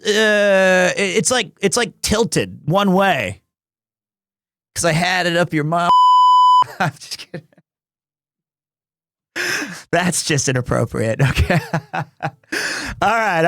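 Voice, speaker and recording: A man's voice: sits high, bright, forceful tone, smooth, no room sound, clean studio sound. A man in his thirties chatting casually on a live stream, rambling, restarting his sentences and chuckling as he jokes. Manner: rambling, self-interrupting, chuckles often; jokey and teasing.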